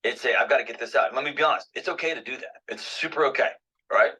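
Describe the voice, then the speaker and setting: A man's voice: mid-range voice, quick pace, bright, forceful tone, breathy edge, poor audio. A man hosting a call-in advice show, blunt and confrontational with a caller. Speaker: radio advice host.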